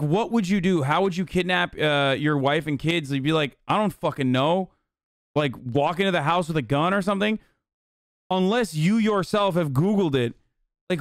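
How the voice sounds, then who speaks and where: A man's voice: sits high, no echo, studio quality. A young man reacting on a stream in casual, profane commentary, ranting and acting out outbursts. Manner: profane, excitable, rants and acts out outbursts.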